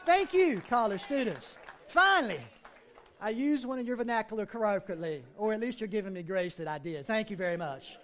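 A man's voice: high voice, animated, brisk, a bit bright. A middle-aged man preaching a sermon as pastor, folksy and conversational, with plenty of rhetorical questions.

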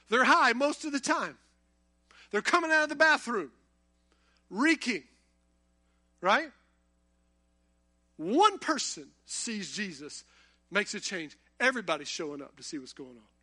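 Guy preaching, real high bright voice, chatty then fired up. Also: lively intonation, measured pace, pauses often. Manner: conversational, building to impassioned emphasis. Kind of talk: sermon.

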